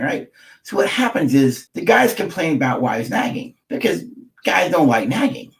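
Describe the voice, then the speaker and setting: A middle-aged man, a marriage therapist, gives an emphatic teaching talk to camera, repeating key phrases and checking in with his listeners. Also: medium pitch.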